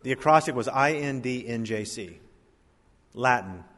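A man's voice: mid-range voice, animated, fairly bright tone. Man preaching in a reverberant church. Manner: preaching with swelling emphasis and dramatic pauses. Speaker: pastor. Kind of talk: sermon. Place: church sanctuary. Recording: long hall reverb.

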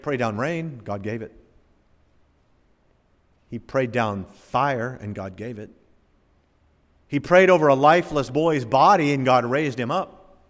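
A man delivers a sermon from the pulpit, his voice sitting a little high. He swings between forceful emphasis and hushed drops. The sound trails off in a long church reverb. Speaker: pastor. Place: church sanctuary.

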